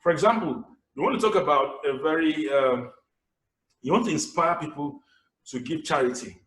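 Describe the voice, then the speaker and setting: A man with a Nigerian accent giving a public speaking webinar over a video call, lively and acting out his examples. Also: fairly high pitch, normal speed, a little hiss or hum. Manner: animated, acts out examples. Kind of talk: webinar lecture. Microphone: video call camera mic. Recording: echoey room, voice distant from mic.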